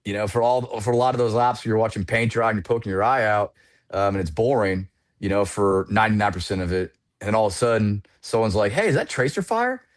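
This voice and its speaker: A man in his forties with a lowish voice tells his war stories at a fast clip as a podcast guest. He is animated and peppers his talk with casual "you know" fillers. His delivery is relaxed and conversational. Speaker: podcast guest, retired Air Force pilot.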